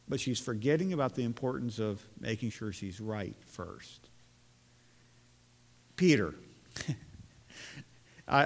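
A man's voice: on the high side, a bit bright. A man preaching a sermon in an earnest, conversational way, often restarting his phrases. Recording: long hall reverb.

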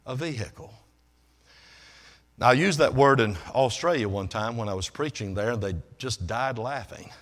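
A man preaching a sermon, swinging from hushed, quiet passages to loud, emphatic ones. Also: mid-range voice, moderate pace. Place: church service. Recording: long reverb of a large hall.

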